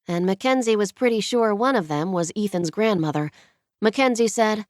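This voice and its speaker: A woman narrating a romantic comedy audiobook in an even storytelling manner. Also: medium pitch, moderate pace, dry recording, studio quality. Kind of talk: scripted narration.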